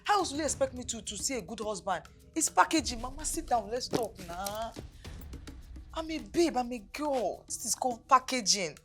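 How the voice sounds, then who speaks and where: A coaxing young Nigerian daughter. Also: female voice, on the high side, expressive, normal speed, sharp tone, faint music behind. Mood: pleading. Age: young adult. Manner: coaxing, defensive. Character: scheming young Nigerian woman, pleading daughter. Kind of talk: film drama acting.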